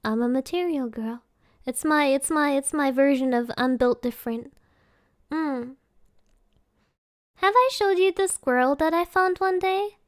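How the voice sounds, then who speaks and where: A woman's voice: high-pitched, a little slow, long pauses, no room sound, studio quality. A woman streamer chatting casually from home, giggly and rambling in a playful way. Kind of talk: casual live-stream chat.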